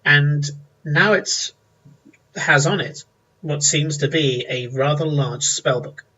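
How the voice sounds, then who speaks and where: Bright-voiced game master. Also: male voice, on the high side, slow, husky, dull audio. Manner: descriptive, with many fillers. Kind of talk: narrating a tabletop game.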